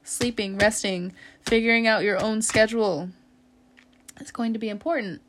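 A woman's voice: on the high side, steady tone, moderate pace, a little hiss or hum. A woman giving a casual tarot reading straight to her listener. She laughs often and calls the listener fam and homie. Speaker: tarot reader.

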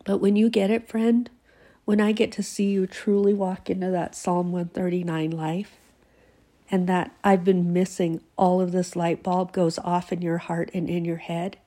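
A woman's voice: on the low side, little pitch movement, a little slow, dark tone. A woman giving an earnest devotional talk to her listeners while sick with a fever and teary, emphatic and sometimes dropping to a whisper. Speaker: Christian devotional host.

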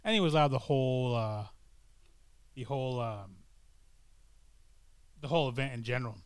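A man's voice: mid-range voice, animated, moderate pace, smooth, no room sound. A middle-aged man chatting casually to camera, rambling and hesitant, with many fillers and restarts. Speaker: vlogger. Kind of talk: casual chat.

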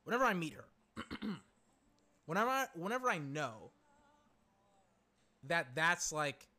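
A man chatting casually and excitably, rambling, swearing and exclaiming, his voice cracking. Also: a little high, measured pace. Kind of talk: casual chat.

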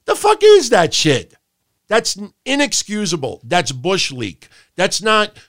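A man's voice: high voice, wildly swooping pitch, unhurried, a bit bright, dry recording, studio quality. A man hosting a wrestling podcast, ranting profanely and animatedly, with mocking impressions of other people. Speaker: podcast host.

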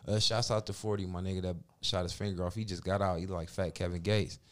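A man's voice: low voice, steady tone, quick pace, fairly bright tone, clean tone. A man telling a long story in laid-back, profane casual chat.

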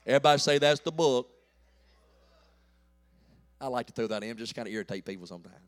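A pastor in his late forties preaching a folksy call-and-response sermon that builds to shouts. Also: mid-range voice, quick pace. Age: 40s.

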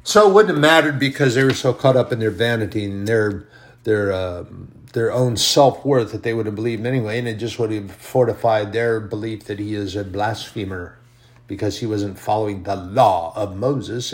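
A man's voice: fairly low pitch, moderate pace. A man preaching a sermon in an earnest, emphatic way, rising and falling in volume.

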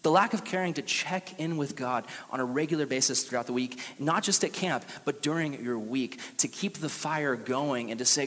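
A young man preaching a casual, animated youth sermon and acting out the quotes he tells. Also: a little high, normal speed, big-room sound. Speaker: youth pastor.

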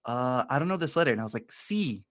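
A man's voice: mid-range voice, rapid-fire, no room sound, clean studio sound. A young man co-hosting a podcast, telling a story in casual chat and acting out both sides of the dialogue. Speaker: podcast co-host.

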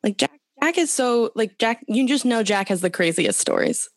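A woman co-hosting a podcast, retelling TV episodes in animated, profane casual chat. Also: fairly high pitch, moderate pace, dry recording. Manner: animated and profane, with frequent fillers. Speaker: podcast co-host. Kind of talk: casual chat recapping a TV show.

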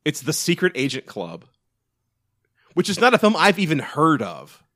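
A man's voice: fairly high pitch, wildly swooping pitch, normal speed, a bit bright, dry recording. A man rambles through a casual movie podcast chat. He restarts often and swears now and then, in a dry, close recording. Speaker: podcast co-host.

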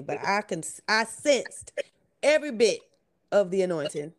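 A woman's voice: medium pitch, sing-song, normal speed. A woman hosting a podcast from her home, gushing with praise and close to tears, repeating herself as she talks. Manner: effusive, repeats herself, Southern-style "y'all" talk. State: holding back tears. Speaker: podcast host. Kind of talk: casual chat, emotional praise. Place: home studio.

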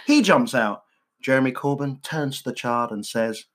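A man's voice: medium pitch, expressive, moderate pace, a bit bright. A man co-hosting a comedy podcast, telling jokes in a playful, self-mocking way. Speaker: podcast co-host.

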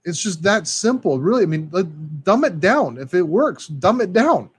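A man in a casual podcast chat, talking in an excitable, rambling way and peppering his talk with dude and man. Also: sits high, moderate pace, slightly rough, dry recording.

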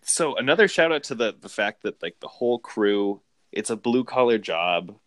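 A man casually discussing a movie, rambling and animated. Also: medium pitch, moderate pace, dry recording. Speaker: film podcast co-host.

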